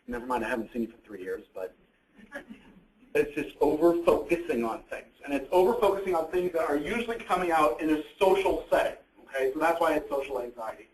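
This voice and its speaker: Man, higher voice, conversational lecture, asks and answers own questions, echoey room. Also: lively intonation, a little fast. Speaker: presenter on psychiatric issues. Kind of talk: educational presentation.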